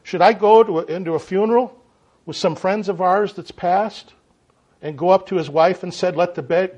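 Folksy animated preacher, lo-fi. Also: male voice, sits high, breathy edge. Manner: folksy, animated, frequent "right?" and "okay?" to the audience. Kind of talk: sermon. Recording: dull lo-fi sound.

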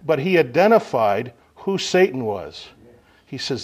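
A man preaching a sermon to a gathering, unhurried, swinging from loud emphasis to quiet asides. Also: medium pitch, sing-song.

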